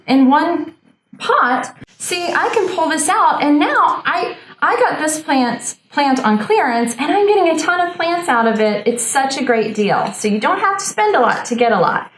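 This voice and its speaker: Woman host, fairly high voice, upbeat how-to demo, hands busy, echoey room, faint background hum. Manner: upbeat and enthusiastic, talks while working with her hands. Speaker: show host demonstrating a planter DIY. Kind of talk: casual how-to demonstration.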